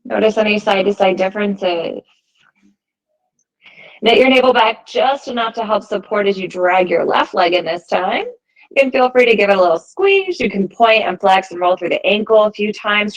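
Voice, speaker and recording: A woman teaching a yoga class, giving calm, encouraging cues timed to the breath. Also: medium pitch, moderate pace, poor audio. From United States. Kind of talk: guided yoga class instruction.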